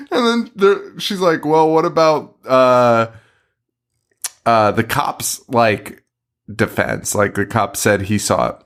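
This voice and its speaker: A man in a casual podcast chat talks at an unhurried, drawn-out pace. His voice sits at an ordinary middle pitch. He recaps a film with a lot of swearing and breaks often into laughter. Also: big pitch swings, a bit bright. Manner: laughing, profane movie recap. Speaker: podcast co-host.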